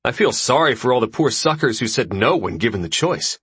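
Brief: man voicing a cocky young lord, chatty and lively, husky edge, audiobook character. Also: medium pitch, fairly quick, no echo, voice pushed up, heavily acted. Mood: breezy. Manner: breezy, chatty, self-assured. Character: jovial young male ruler, boastful host.

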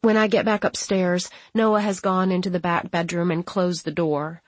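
A woman's voice: lowish voice, flat delivery, moderate pace, no room sound. A woman narrating a first-person audiobook in a plain, conversational storytelling manner, close to the mic.

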